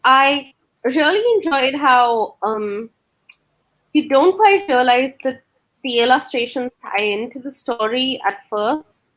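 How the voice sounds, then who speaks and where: A woman takes part in an online book club chat. Her voice is somewhat high. She talks haltingly, repeating small words as she works out what to say. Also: fairly bright tone. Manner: halting, repeats words while finding phrasing. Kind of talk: casual online book discussion. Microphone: video call.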